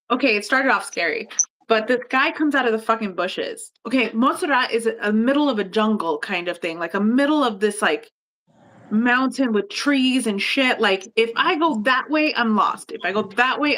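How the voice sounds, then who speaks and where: Bright, animated woman telling a story. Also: fairly high pitch. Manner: animated, swears freely, laughs often. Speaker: guest storyteller. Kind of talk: casual chat.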